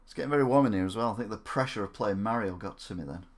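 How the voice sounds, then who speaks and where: A man's voice: lowish voice, very fast. A man chatting casually on a gaming live stream. He jokes around, mocks himself and rambles. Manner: jokey, self-mocking, rambling.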